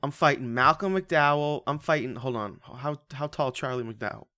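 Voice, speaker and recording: A man co-hosting a casual chat, ranting and swearing about a film with lively outbursts. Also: medium pitch, moderate pace, dry recording. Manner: animated, profane, ranting.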